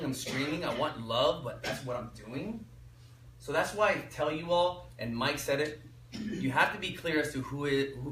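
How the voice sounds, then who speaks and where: A man giving an energetic workshop talk, often quizzing the audience with fill-in questions. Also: mid-range voice. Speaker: workshop speaker. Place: echoey workshop room. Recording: roomy echo, mic from far off, faint noise.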